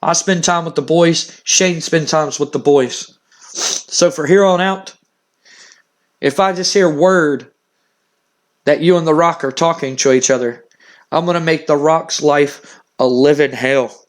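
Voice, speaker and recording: A man's voice: on the high side, a little slow, pauses often, lightly acted. A man voicing a domineering, stubborn wrestling boss scolding his daughter in a stern tone.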